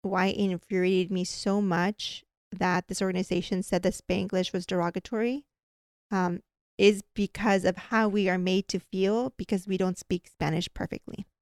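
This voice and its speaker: A woman's voice: medium pitch, fairly even intonation, moderate pace, darkish tone, clean tone, no echo, studio quality. A woman dental hygienist talking candidly in an interview, sometimes switching into Spanish. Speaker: dental hygienist and professor, guest. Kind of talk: conversational interview.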